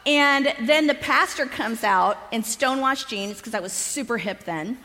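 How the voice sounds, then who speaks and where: A woman in her fifties tells her personal testimony to a conference crowd, bringing the story to life by acting out what everyone said. Her voice is bright and a little high. It rings with the long reverb of a large hall. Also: measured pace. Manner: lively storyteller who acts out quoted dialogue, often laughing. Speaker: conference speaker.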